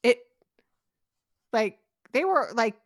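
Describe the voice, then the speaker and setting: A woman co-hosting a podcast, recapping a TV episode in an animated, breathless way with rapid asides. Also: fairly high pitch, dry recording, studio quality. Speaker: podcast co-host. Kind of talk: casual chat recapping a TV episode.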